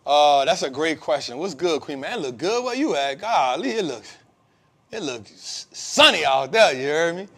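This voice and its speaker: Male host, slightly high voice, loose slangy live-stream Q&A delivery, lots of ums. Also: very animated, normal speed, a bit bright. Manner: laid-back slangy talk, many fillers. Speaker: host of a live investing show.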